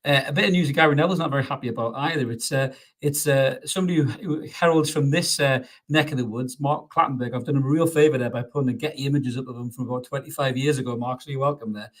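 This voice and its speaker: A man hosts a casual football podcast from a home studio, talking fast at a medium pitch. He is chatty and sweary, laughs often, and restarts his sentences a lot.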